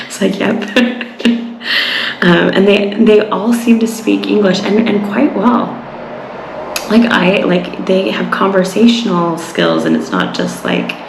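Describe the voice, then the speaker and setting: A woman from Utah chats casually on a walk, rambling and restarting her sentences with plenty of fillers. Her voice sits low with a gravelly fry. The sound is roomy, with a faint outdoor ambience behind her. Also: a little mellow, slight background noise. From Utah, USA. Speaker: travel vlogger. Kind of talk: casual walking vlog.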